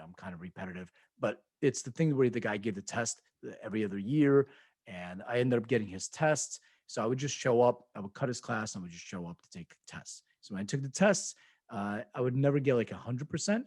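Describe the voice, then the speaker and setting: A man's voice: medium pitch, darkish tone, no room sound. A man co-hosting a podcast, telling rambling anecdotes in casual chat, acting out quoted voices and laughing often. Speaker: podcast co-host.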